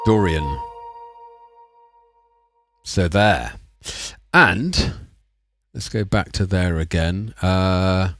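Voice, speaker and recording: A man in his thirties chats his way through a live music session, wandering off topic and poking fun at himself. His voice sits low, and the sound is dry with no room echo. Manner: rambling, chatty and self-mocking. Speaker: livestream music producer. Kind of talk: casual live-stream chat.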